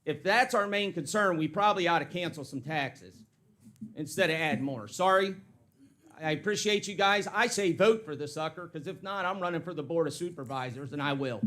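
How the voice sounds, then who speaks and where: Angry high-voiced man ranting. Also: moderate pace, fairly bright tone. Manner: heated, blunt, ranting. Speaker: citizen speaking at public comment. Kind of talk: angry public comment speech. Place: county meeting hall.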